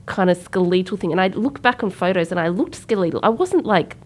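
A woman's voice: medium pitch, fairly quick. A woman, co-hosting a podcast and telling a personal story in casual talk, acting out the voices of people she quotes. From Sri Lanka. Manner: animated, acts out quoted voices. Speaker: podcast co-host.

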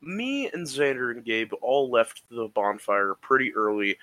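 Animated young man telling a profane story. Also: medium pitch, a little slow, no echo, low-quality recording. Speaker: podcast co-host. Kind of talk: casual storytelling chat.

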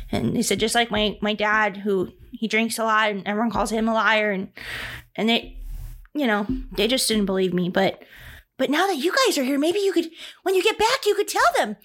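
A woman's voice: sits high, a bit bright. A woman voicing a nervous, clumsy young male mechanic who stammers and is eager to please.

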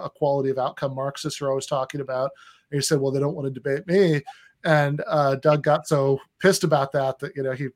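A man co-hosting a casual podcast, telling long stories in a rambling, hesitant way with many pauses. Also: medium pitch, a little mellow. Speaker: podcast co-host.

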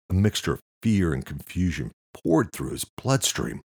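A man reading a thriller audiobook in an expressive narration style. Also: low-pitched, normal speed, breathy edge, no room sound, clean studio sound. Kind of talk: scripted narration.

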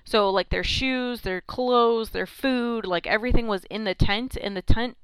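A woman's voice: on the high side, unhurried, clear, resonant tone, no room sound. A woman co-hosting a podcast, telling a story in casual chat, rambling with many "um" and "like". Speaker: podcast co-host.

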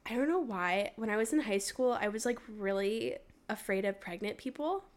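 Speaking at a medium pitch and moderate pace, a young woman sounds expressive as she co-hosts a relaxed storytelling podcast. Her tales are animated, quotes are acted out, and "like" fillers abound.

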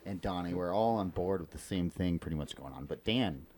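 A young man co-hosting a podcast in loose, profane casual chat, now and then bursting into loud playful outbursts. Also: sits low, brisk. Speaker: podcast co-host.

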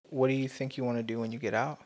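American guy on a podcast, middle pitch, teasing, swears a lot. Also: fairly bright tone. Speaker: podcast co-host. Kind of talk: casual chat.

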